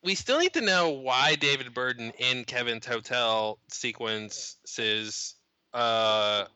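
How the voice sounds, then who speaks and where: A man with a very bright, crisp, clear voice talks through a loose podcast chat. He is playful and laughs easily, dropping into quick mock voices as he riffs. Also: medium pitch, dry recording, muffled recording. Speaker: podcast host. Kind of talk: casual chat.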